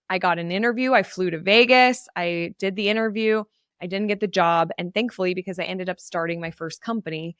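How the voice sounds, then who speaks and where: A woman's voice: medium pitch, fairly bright tone, no echo, clean studio sound. A woman hosting her own podcast, giving a chatty, enthusiastic solo update that gets emotional at times. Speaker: podcast host.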